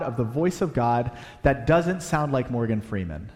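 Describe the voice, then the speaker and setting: A man preaching a sermon, animated, swinging between loud emphasis and hushed, quiet passages. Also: mid-range voice, a little slow, hardly any pauses. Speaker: pastor. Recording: long hall reverb.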